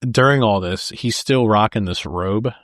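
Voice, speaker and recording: A fairly low-voiced man co-hosts a laid-back podcast about films, taking his time as he walks through movie scenes. He acts out lines and laughs along the way. The studio sound is clean, with no room sound at all.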